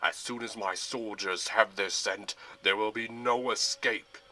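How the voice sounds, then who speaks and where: A commanding villain general with a deep growl and a quick temper, put on by a man narrating a Lego fan film. He barks orders and turns to loud roars when his men fail him. The voice keeps a bright edge under the menace. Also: steady tone. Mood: scheming.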